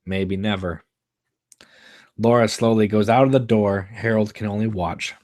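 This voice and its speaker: A man hosting a show, reading out the stage directions of a screenplay live in a measured, flat manner. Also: lowish voice, no room sound, studio quality. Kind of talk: live screenplay read-through.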